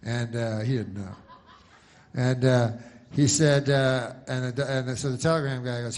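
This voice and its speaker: A man doing a stand-up set, deadpan and halting, with many false starts. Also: mid-range voice. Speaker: stand-up comedian.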